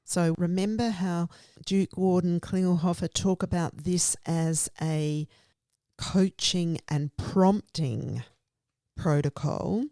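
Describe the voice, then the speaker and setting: A woman's voice: lowish voice, slow pace, warm tone, dry recording. A woman guest speaker explaining literacy teaching in an earnest, emphatic way, often in lists. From Australia. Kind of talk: conversational explanation.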